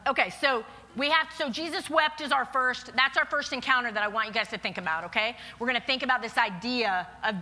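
A woman in her forties preaching a sermon, reading scripture and speaking earnestly and personally, slowing down for emphasis. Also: on the high side, pushed and bright.

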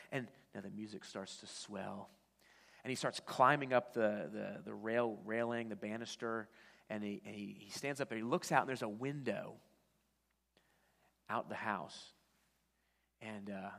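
A man's voice: on the low side, unhurried, gravelly, long pauses, a bit bright. A man preaching a sermon, telling a story conversationally with frequent restarts. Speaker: pastor. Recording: long church-hall reverb.

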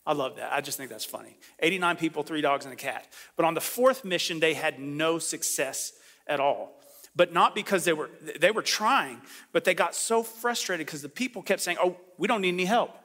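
A man preaching a sermon as a pastor, talking in a conversational, animated way and acting out the voices he quotes. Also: a little high, normal speed. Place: church sanctuary. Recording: long hall reverb.

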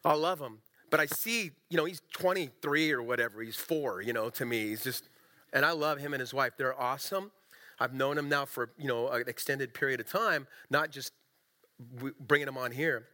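A middle-aged man preaching a sermon as a pastor, in a conversational, animated and self-deprecating way. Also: medium pitch, normal speed.

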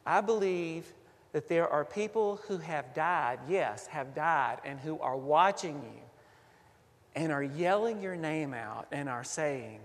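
Pastor, male, high voice, earnest sermon delivery, rising to bursts then going quiet; long church-hall reverb. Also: lively intonation, measured pace. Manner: earnest, builds to emphatic peaks, then drops soft.

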